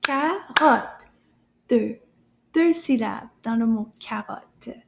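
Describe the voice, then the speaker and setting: A woman teaching a French lesson to children, encouraging them and saying each word slowly so they can repeat it. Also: high voice, creaky, noisy background. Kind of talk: slow, clear children's language lesson.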